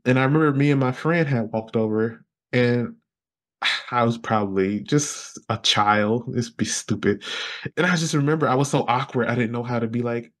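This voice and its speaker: A young man from Alabama, a podcast guest telling his story casually and acting out his younger self with lively exclamations. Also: moderate pace. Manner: animated, acts out his past self with high exclamations and laughs.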